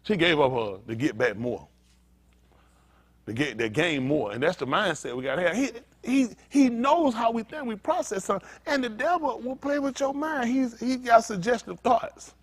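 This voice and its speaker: A man's voice: high voice, animated, moderate pace. A man preaching a sermon as pastor, talking straight to his congregation in a joking, conversational way. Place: synagogue congregation.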